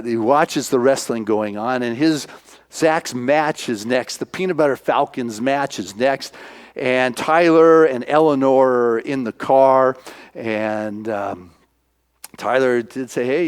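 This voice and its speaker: A male minister preaching, retelling a film as an animated storyteller who acts out the voices. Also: mid-range voice, clear, resonant tone.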